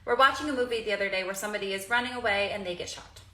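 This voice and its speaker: A woman telling a short story with a lively, joking delivery. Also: mid-range voice, racing. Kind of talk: storytime clip. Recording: faint background noise.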